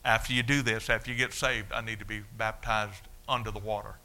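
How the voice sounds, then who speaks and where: A man, preaching a sermon as a story of his own life, dropping low and then shouting out the punch lines. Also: level tone, a little fast, slight background noise. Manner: storytelling, swings from hushed to shouting. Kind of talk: sermon testimony.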